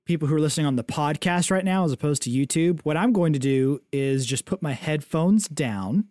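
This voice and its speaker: A man's voice: fairly high pitch, lively intonation, a little fast, darkish tone, dry recording, studio quality. A man co-hosting a podcast, joking in an easygoing, casual way. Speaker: podcast co-host. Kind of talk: casual chat.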